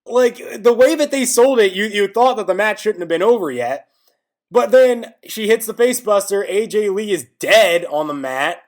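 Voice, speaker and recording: A man's voice: high-pitched, animated, normal speed. A man hosting a casual wrestling review, rambling with lots of filler words and growing exasperated. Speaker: wrestling podcast host.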